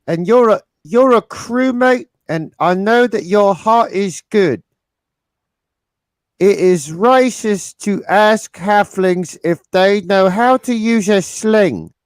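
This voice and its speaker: A man's voice: sits high, slow, no room sound. A man playing a tabletop game, trading in-character jokes with a mock-indignant, profane edge.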